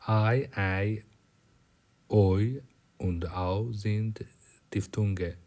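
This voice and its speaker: A man whose first language is Persian works slowly through a German lecture, halting with fillers and restarts. His voice is low and dark, sometimes dropping nearly to a whisper. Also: fairly even intonation. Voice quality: drops to a whisper at times. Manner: halting, many fillers and restarts, switching between German and English. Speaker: language teacher.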